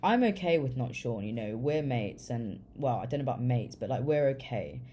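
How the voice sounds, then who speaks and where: A woman's voice: rumbling low, animated, moderate pace, mellow, a little hiss or hum. A young woman chats through a storytime vlog in a loose, rambling way. Her talk is full of swearing and casual fillers. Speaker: vlogger.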